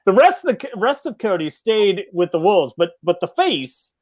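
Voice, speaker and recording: American guy ribbing his friends on a soccer show, kinda high voice, deadpan jokes. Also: normal speed. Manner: teasing, dry jokes. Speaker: co-host. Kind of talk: casual fan show banter.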